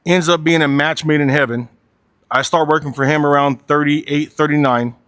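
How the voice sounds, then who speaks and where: A man's voice: on the high side, fairly even intonation, moderate pace, fairly bright tone, no room sound. A man in his forties giving a candid motivational talk, blunt and profane, driving his points home with repetition and a habitual "right?". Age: 40s. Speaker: motivational speaker.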